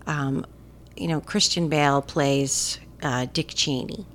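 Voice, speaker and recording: Speaking slowly in a low-pitched voice over slight background noise, a female co-host talks movies in a casual, eager way. Her chatter is full of fillers.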